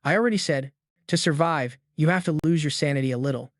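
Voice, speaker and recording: A man voicing a twenty-six-year-old male death row inmate who lectures flatly and without emotion. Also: a little high, quick pace, no echo, clean studio sound, close to an everyday voice. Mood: cold, calm.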